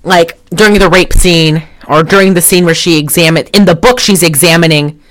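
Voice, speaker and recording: A woman on the low side in pitch, with fairly even intonation and a fairly bright tone, talks at a moderate pace. She co-hosts a casual film podcast in a rambling, profane style with many restarts.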